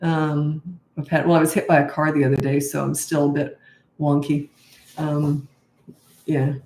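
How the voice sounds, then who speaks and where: A woman's voice: sits low, flat delivery, measured pace, dark tone. Tired middle-aged woman doing a parenting q&a live, blunt and punchy, kinda echoey room. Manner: blunt, emphatic, acts out her own replies to kids. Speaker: parenting coach. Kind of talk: live Q&A advice talk.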